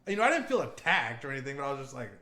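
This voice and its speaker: A young man co-hosts a podcast, chatting in a loose, profane, rambling way. His mid-range voice swings widely in pitch and comes out rapid-fire, pushed and bright. The room is echoey, with faint ambience.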